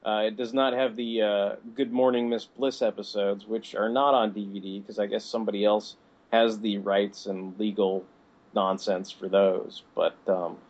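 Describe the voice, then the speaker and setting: Man, podcast co-host, low voice, rambling, word-searching, dull lo-fi audio. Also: flat delivery, moderate pace, a little mellow. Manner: rambling, searches for words, laughs. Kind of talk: casual podcast chat.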